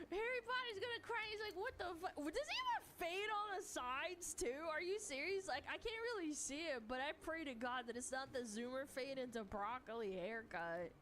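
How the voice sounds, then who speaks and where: A woman streamer giving excitable livestream reaction commentary, laughing often and swearing freely. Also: sits high, moderate pace, hardly any pauses, noisy background.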